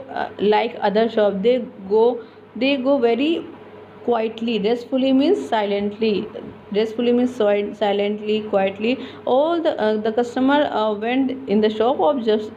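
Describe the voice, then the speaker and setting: A woman explaining a literature lesson, halting with many fillers and restarts. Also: fairly high pitch, a little mellow. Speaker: teacher. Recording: dull lo-fi with faint noise.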